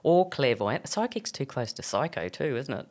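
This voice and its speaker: A woman's voice: a bass voice, very animated, normal speed, darkish tone. A woman hosting a casual interview, teasing and swearing lightly as she talks. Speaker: host.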